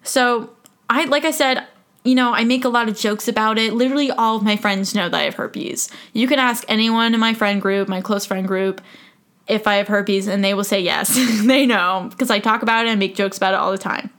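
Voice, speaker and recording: A woman's voice: mid-range voice, fairly even intonation, a little fast, a bit bright. A woman in her twenties hosting a solo podcast, talking frankly and casually, joking and laughing often. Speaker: podcast host.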